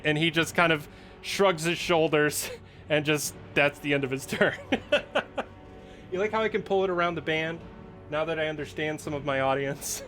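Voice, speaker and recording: A man's voice: a little high, normal speed, a bit bright, soft background music. A man running a tabletop game as game master, explaining the rules in a playful way and laughing often as he acts out the monsters.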